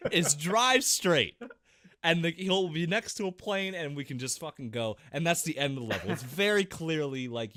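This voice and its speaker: A man on a gaming podcast, talking into a close mic with a bright, sharp edge to his voice. His pitch leaps all over the place as he spins animated, swear-filled stories. The sound is dry and close. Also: no room sound. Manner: animated storytelling, swears constantly. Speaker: podcast co-host. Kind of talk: casual gaming podcast chat.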